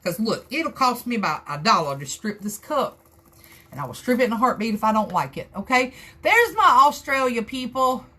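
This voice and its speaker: A woman's voice: medium pitch, very animated, a little fast, a bit bright, breathy edge. A woman with a Southern US accent chatting her way through a live crafting tutorial, rambling and folksy as she talks to her viewers. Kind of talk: casual how-to chat.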